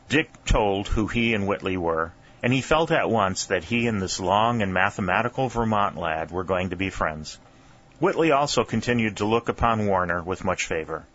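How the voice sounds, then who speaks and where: A man narrates a historical novel at a measured, steady pace. His voice sits low. The recording has a dull, lo-fi sound. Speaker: audiobook narrator. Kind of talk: scripted narration.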